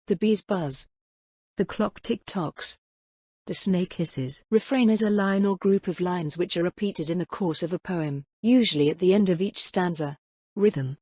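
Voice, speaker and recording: A woman reading scripted educational narration in a measured, explanatory way, like a teacher. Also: lowish voice, darkish tone, dry recording, clean studio sound.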